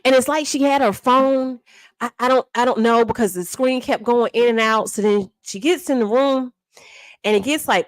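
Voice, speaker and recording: Her voice sits high, and there's no echo on the recording. Hosting a live stream, this woman tells stories with theatrical, dramatic flair, addressing her audience as honey and baby in animated commentary.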